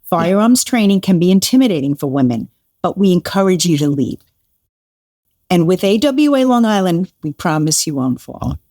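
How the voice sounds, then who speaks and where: A woman leading a local shooting group, talking in a warm, emotional and enthusiastic way, laughing a lot. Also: fairly low pitch, very animated, moderate pace, no room sound, clean studio sound. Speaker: shooting group chapter leader. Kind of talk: casual interview chat.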